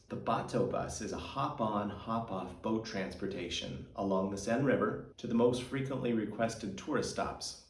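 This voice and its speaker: Low-voiced american guy chatting about his trip, kinda self-deprecating, echoey room, mic a bit far off. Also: slight background noise. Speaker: travel vlogger. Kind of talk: casual vlog narration. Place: echoey room above a karaoke bar.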